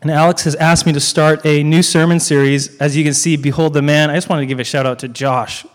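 A man preaching a sermon as a guest speaker, repeating key lines with dramatic pauses and slipping in joking asides to the congregation. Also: a little high, fairly even intonation, big-room sound.

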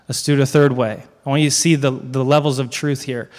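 A man's voice: mid-range voice, steady tone. Emphatic male preacher in a reverberant hall. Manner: emphatic, repeats key lines with dramatic pauses; joking asides to the congregation. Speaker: guest preacher. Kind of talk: sermon.

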